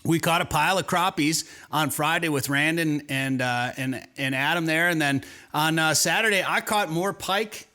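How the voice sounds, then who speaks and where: A man's voice: on the high side, normal speed, few pauses, sharp tone. A man hosting an outdoors radio show, telling a fishing story in a loose, rambling way with plenty of restarts and repeated words. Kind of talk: casual radio chat.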